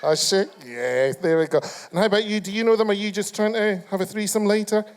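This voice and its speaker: A Scottish man with a high-pitched voice works a live crowd as a chat show host. His talk is camp and foul-mouthed, and he keeps needling audience members with sharp teasing. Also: fairly quick, smooth. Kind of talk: live stand-up crowd work. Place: live comedy venue.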